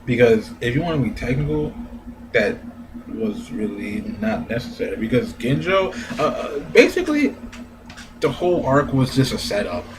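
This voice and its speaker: A man giving a casual, profane anime review rant, animated and laughing often. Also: medium pitch, moderate pace, background noise. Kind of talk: casual ranting commentary.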